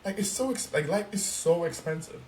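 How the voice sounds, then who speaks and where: Profane, animated young man ranting. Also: high voice, a little fast. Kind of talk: casual ranting chat. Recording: roomy, distant mic, faint noise.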